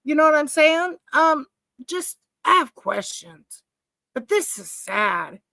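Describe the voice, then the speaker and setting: High-voiced, emotional woman streamer. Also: sing-song, slow pace, gravelly, sharp tone, no echo. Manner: emotional, informal, repeats herself, asks rhetorical questions. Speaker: live-stream host commenting on a trial. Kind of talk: casual live commentary.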